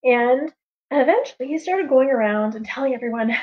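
A woman storyteller telling a traditional tale on a livestream in a lively, chatty way, with casual asides. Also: high-pitched, a little fast. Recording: dull lo-fi livestream audio.

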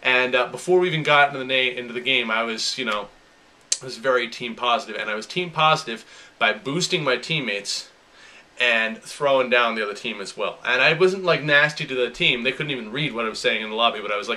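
A young man hosting a gaming advice video, telling his stories in an animated, over-the-top way. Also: medium pitch, fast talker. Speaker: gaming and self-improvement video host. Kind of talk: casual storytelling advice.

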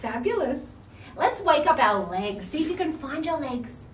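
Leading an online toddler yoga class, a high-voiced Australian woman speaks at normal speed, very animated, in a playful sing-song with big gasps of surprise. There's a little hiss or hum, and the distant mic captures a roomy space with faint ambience.

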